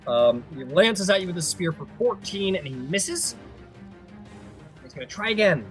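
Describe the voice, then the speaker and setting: A man's voice: sits high, big pitch swings, normal speed, soft background music. A man running a tabletop game as game master, narrating in a chatty, playful way.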